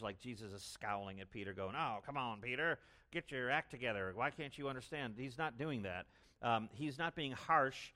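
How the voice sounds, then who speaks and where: A man preaching an expository sermon as pastor, stressing words loudly and then dropping to low asides. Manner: emphatic, swings between loud stresses and low asides.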